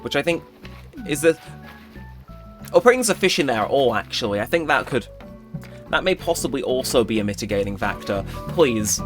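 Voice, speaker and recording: A young man casually commenting on his gameplay, chatty and joking, now and then jumping into high-pitched exclamations. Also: big pitch swings, moderate pace, pauses often, a bit bright. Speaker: gaming channel host. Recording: game music playing behind. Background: game music.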